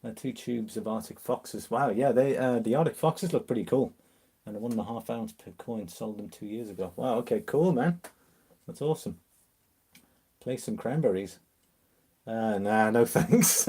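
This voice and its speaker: A man from Liverpool with a mixed English accent, mildly Liverpool, hosting a relaxed, casual live-stream chat and answering viewers. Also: mid-range voice, moderate pace, slightly rough. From Liverpool, England. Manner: chatty, relaxed, reads out viewer comments with easy laughs.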